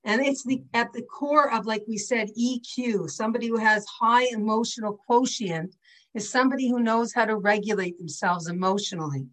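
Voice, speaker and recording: A woman's voice: on the high side, normal speed, poor audio. An older woman leading a class over a video call, talking in a chatty, rambling way with frequent asides. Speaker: class teacher. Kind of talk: casual online class talk.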